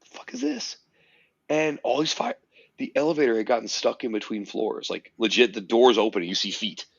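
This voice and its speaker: A man hosting a podcast, telling a story in a casual, animated way, swearing freely. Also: medium pitch, fairly quick, gravelly, breathy edge, dry recording, muffled recording. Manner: animated storyteller, swears freely, puts on silly voices in quotes. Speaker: podcast host.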